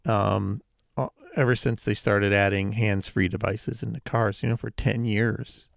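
A man co-hosting a casual podcast chat, explaining things in a measured way. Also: fairly low pitch, fairly even intonation, gravelly, no room sound, studio quality. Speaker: podcast co-host.

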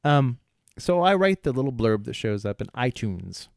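Animated middle-aged man, rambling chat. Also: medium pitch, normal speed, vocal fry, no room sound, clean studio sound. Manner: rambling, lots of fillers and laughs. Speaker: podcast co-host. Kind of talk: casual chat.

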